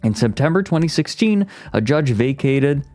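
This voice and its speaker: A male streamer talks casually on a livestream mic, jokey and reactive. His pitch swings a lot as he talks, and faint music plays underneath. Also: expressive, normal speed. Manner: jokey, reacts out loud, reads from a page.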